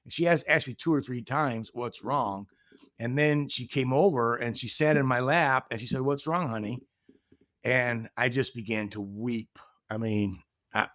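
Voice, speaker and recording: A middle-aged man appears as a podcast guest, telling a personal story earnestly and reflectively and acting out other people's lines as he goes. His ordinary mid-range voice has a fairly bright tone and sounds dry and close, with no room echo.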